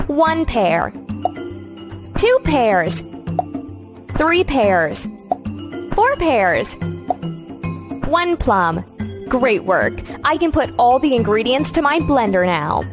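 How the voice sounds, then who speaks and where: A bright, high, lilting voice of a cheerful young farm girl for a children's game, drawing each word out slowly with a bouncy swoop. She sounds eager to help, over light background music. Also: big pitch swings, heavily acted. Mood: sunny, encouraging. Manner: slow, sing-song, encouraging. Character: cheerful young woman farmer guiding kids. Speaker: game guide character.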